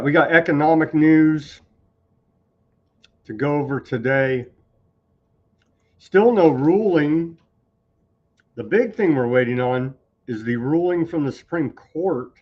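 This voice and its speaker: A man's voice: a little high, takes it slowly, long pauses, highs cut off. A man hosting a live news commentary stream, talking casually with sarcastic, scornful asides and rambling restarts. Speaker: news show host.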